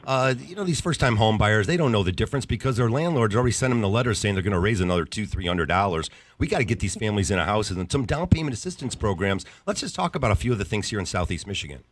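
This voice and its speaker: A male radio host with an energetic, folksy manner, plugging sponsors and bringing in guests. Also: lowish voice, fast talker. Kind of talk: radio business talk show.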